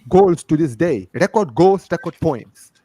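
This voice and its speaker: A man with a London accent hosts a football fan chat and pushes his point with emphatic, repeated phrasing. His voice sits a little high. The sound is dry and close, with no room around it. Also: expressive, measured pace, warm tone, dry recording. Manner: emphatic, keeps circling back to his point. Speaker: host of a football fan show. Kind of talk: casual group chat on a livestream.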